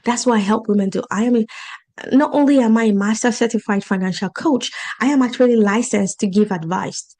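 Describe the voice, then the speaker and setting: A woman with an accent speaks in a slightly raised voice. She is a life and financial coach giving an earnest, encouraging pitch. She repeats her points for emphasis in a casual monologue. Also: a little fast, mellow, poor audio. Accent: non-native English accent.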